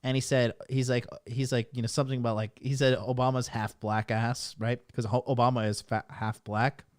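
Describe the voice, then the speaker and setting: A man rants to his stream audience, loose and rambling, cursing freely and talking bluntly. His voice sits at a middling pitch and comes across dry and close, with no room sound around it. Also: level tone, normal speed, darkish tone, no room sound. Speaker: dating coach streamer. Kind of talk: casual livestream rant.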